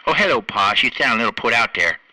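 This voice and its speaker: A man's voice: mid-range voice, animated, fast talker, sharp tone. A man voicing a chatty, rambling hunchback janitor in a comedy radio sketch, stammering and folksy, heard from a distance.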